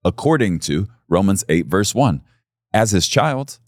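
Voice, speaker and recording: A man's voice: deep voice, big pitch swings, unhurried, a little mellow, dry recording, clean studio sound. A middle-aged male pastor preaching a sermon in an earnest, intimate way that swells to emphatic peaks.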